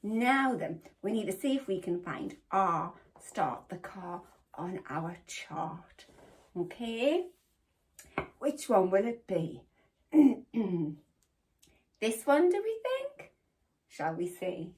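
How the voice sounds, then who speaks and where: Sounding out the letters one after another, a primary school teacher guides young kids through phonics in a slow, sing-song, encouraging manner. Her voice is medium in pitch with a darkish tone and very animated delivery, captured at home or in a classroom for home learning.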